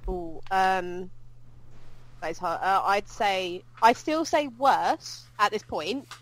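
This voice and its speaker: A woman co-hosting a podcast, chatting casually and rambling about games with quick asides. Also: mid-range voice, low-quality recording. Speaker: podcast co-host. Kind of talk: casual gaming chat.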